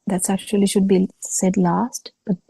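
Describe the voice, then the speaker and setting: A woman giving a Buddhist talk over a video call, speaking slowly with halting pauses and fillers. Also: mid-range voice, flat delivery, gravelly, dark tone, slightly rough, no echo, rough recording. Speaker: Buddhist teacher.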